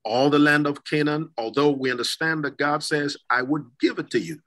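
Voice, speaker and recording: A man's voice: fairly high pitch, fairly even intonation, normal speed, a bit bright, poor audio. A man hosting a church talk show, reading scripture aloud and then putting a question to his guest. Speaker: host.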